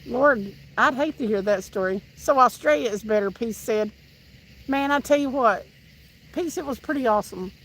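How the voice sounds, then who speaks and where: Fishing by the water, this Southern-accented woman from Tennessee chats with her live viewers and reads their comments. Her voice sits on the high side and is fairly bright, at a moderate pace, and she laughs a lot and keeps restarting sentences. There's a little hiss or hum on the rough recording.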